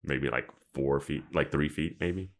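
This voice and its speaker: A man's voice: very deep voice, a little slow. A man co-hosting a casual chat, rambling and often laughing as he talks. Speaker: podcast co-host.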